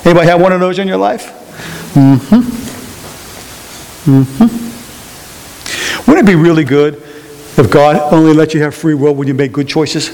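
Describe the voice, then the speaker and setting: A man preaching a sermon to a congregation, repeating key phrases and questioning the audience in a slow, emphatic delivery. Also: a little high, a little mellow. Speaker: pastor. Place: church sanctuary. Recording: long hall reverb.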